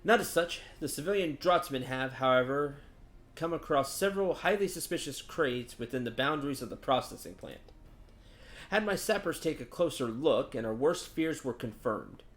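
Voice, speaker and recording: A man's voice: medium pitch, lively intonation, moderate pace, fairly bright tone, roomy sound. A man reading a formal male military officer's lines aloud from a video game. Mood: grave. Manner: reads game dialogue aloud, stiff and formal.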